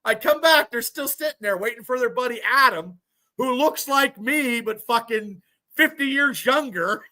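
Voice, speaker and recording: A man in his fifties swears his way through a rambling story on a casual sports podcast. His voice sits high and sounds bright and sharp, and he talks loosely, piling up restarts. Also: lively intonation, normal speed. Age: 50s. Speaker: podcast co-host.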